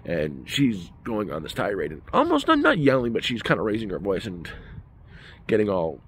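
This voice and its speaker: A man's voice: on the low side, wildly swooping pitch, normal speed, a bit bright, a little hiss or hum. A man telling a story as a casual rant in a vlog, emphatic and heated. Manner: ranting, emphatic. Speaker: vlogger.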